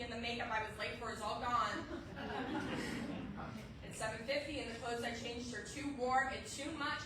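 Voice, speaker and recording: A teenage girl performing her spoken-word poem with earnest, rhythmic emphasis. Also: high-pitched. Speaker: young poet. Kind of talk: spoken-word poetry recital. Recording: echoey hall, mic far off, noisy.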